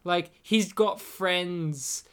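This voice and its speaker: A man's voice: sits high, drawn-out words, fairly bright tone, clean tone. Male podcast co-host; casual film commentary, opinionated, foul-mouthed. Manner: blunt, opinionated, swears freely.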